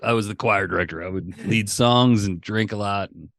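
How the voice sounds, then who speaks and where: A middle-aged man with a low voice tells stories in a loose, animated way, swearing freely as a comedian guest. His voice is recorded dry and close, with no room sound around it. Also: normal speed, no echo. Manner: profane, animated storyteller. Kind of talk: casual interview chat.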